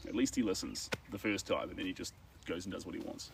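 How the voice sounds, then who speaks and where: A man's voice: low voice, fast, gravelly, a bit bright, slight background noise. A man with a New Zealand accent chatting casually and rambling with filler words while he paints. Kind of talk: casual chat. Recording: distant mic, faint outdoor ambience.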